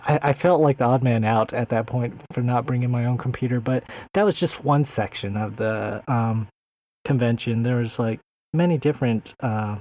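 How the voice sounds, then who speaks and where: A man's voice: medium pitch, darkish tone. A man chatting casually on a podcast, rambling through his story with lots of fillers. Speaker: podcast co-host.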